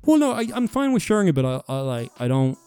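A man's voice: fairly high pitch, sing-song, quick pace, dark tone, smooth, faint music behind. A man from England co-hosting a podcast, rambling and laughing at himself in casual chat. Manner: rambling, self-mocking, laughs often. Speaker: podcast co-host.

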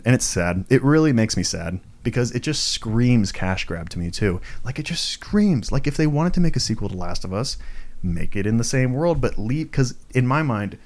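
Ranting, swearing young male podcast host. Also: fairly low pitch. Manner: ranting, swears freely, frequent fillers and self-mocking asides. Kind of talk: casual solo podcast rant. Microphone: home recording setup, tripod for video.

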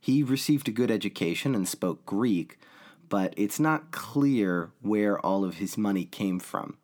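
A man hosting a history podcast, narrating from a script in a deep voice worn by a cold, with a measured, steady delivery. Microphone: home recording edited in a laptop audio program.

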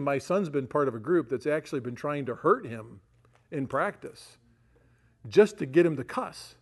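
Middle-aged pastor guy, gravelly voice, chatty folksy sermon, keeps asking "right?". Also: a little high, expressive, moderate pace. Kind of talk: sermon storytelling.

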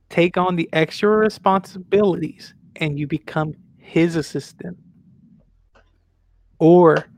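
A man narrates a role-play game for his friends, rambling and stopping often to restart. He talks slowly in a slightly raised voice. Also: a little high, creaky. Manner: rambling, halting with fillers. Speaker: game master.

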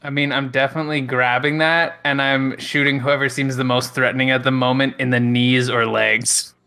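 A man's voice: medium pitch, flat delivery, normal speed, sharp tone. A man playing a tabletop game, joking casually about his character's actions. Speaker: player.

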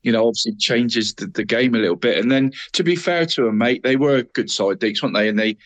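A man's voice: medium pitch, quick pace. A man, co-hosting a casual football chat, rambling on and calling his co-host mate constantly.

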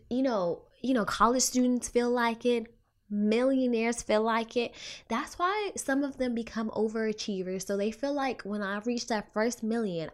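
Animated young woman clinician telling a story. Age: young adult. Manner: animated, swinging pitch, filler-heavy retelling. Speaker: child trauma clinician. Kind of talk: personal storytelling to viewers.

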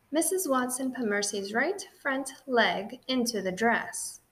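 A woman narrates a children's audiobook in a gentle, expressive way. She takes an unhurried pace and speaks clearly. Her voice sits a little high.

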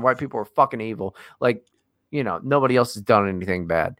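A man's voice: mid-range voice, very animated, a little fast, fairly bright tone, no room sound, studio quality. A man co-hosting a podcast, ranting in a casual, profane and exasperated way. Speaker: podcast co-host.

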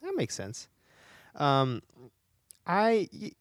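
Playful guy ribbing his cohost, pitch bouncing around a lot, dry close sound. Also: sing-song, moderate pace, no echo. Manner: teasing, playful. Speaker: podcast co-host. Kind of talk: casual banter.

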